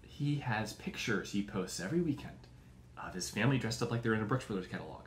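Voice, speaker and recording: Male comedy host, lively swooping delivery, profane mocking rant, roomy echo. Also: on the low side, quick pace, slight background noise. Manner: profane, rambling, mocking, acts out quoted voices.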